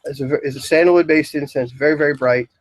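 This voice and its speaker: A man giving a casual, rambling talk on incense in a shop, describing scents with many pauses. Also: fairly high pitch, fairly even intonation, no echo, poor audio. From Philadelphia area, US. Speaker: incense store lecturer. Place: shop, indoors.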